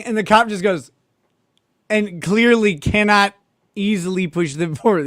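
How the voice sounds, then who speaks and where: A man's voice: high-pitched, moderate pace, dry recording, clean studio sound. A man hosting live legal commentary, mocking the footage he reacts to and laughing often.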